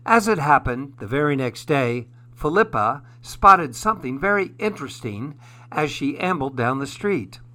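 A man narrating a children's story in a gentle, expressive way. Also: a little high, moderate pace.

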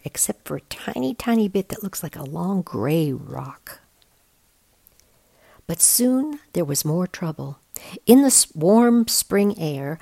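A woman reading a picture book aloud in a gentle, explanatory way, describing each picture. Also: lowish voice, gravelly, husky, dry recording. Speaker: storyteller.

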